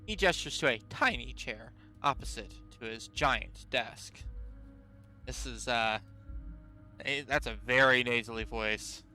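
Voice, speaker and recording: A man's voice: medium pitch, a little slow, pushed and bright, faint music behind. A man casually commentating his video game playthrough, chatty and amused, reading game text aloud. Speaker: streamer. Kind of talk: casual let's-play commentary.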